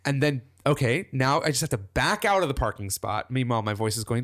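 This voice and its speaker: An animated man chatting on a podcast. He laughs easily and acts out the voice in his head. The sound is close and dry, with an everyday mid pitch. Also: moderate pace, few pauses, dry recording. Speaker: podcast guest. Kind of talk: casual podcast conversation.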